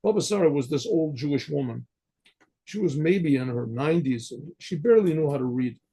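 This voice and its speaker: A male rabbi tells a story in a relaxed, conversational way, clearing his throat and breaking off to start again. His voice is gravelly and husky with a mellow tone, and he sits a little high in pitch for a man. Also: a little fast. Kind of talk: storytelling sermon.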